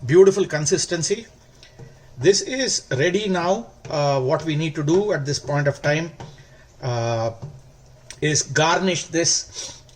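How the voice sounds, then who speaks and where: A man hosting a cooking demonstration, explaining each step calmly and stretching words for emphasis. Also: fairly high pitch, slow pace, long pauses. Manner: calm, step-by-step instructional. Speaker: cooking channel host.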